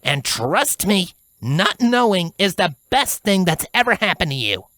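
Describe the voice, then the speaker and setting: A woman's voice: big pitch swings, measured pace, fairly bright tone, dry recording, studio quality. A blunt, stern pegasus mare, voiced by a woman. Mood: stern, urgent. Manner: blunt, urgent, low warnings. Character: tough stern female pegasus guard. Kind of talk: fan fiction audiobook reading.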